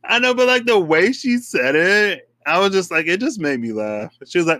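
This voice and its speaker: A young man chatting casually, his voice bright and forward and recorded very dry and close. He is animated, laughs easily, and leaps up in pitch when he acts out what he thought. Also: normal speed, hardly any pauses, no room sound. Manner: animated, laughs often, jumps into high-pitched quoted voices. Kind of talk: casual chat.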